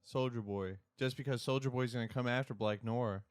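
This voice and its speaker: A young man co-hosting a podcast, casually recapping a TV episode in a rambling, animated way. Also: mid-range voice, fairly quick. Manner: rambling, animated retelling with loud acted-out quotes. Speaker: podcast co-host.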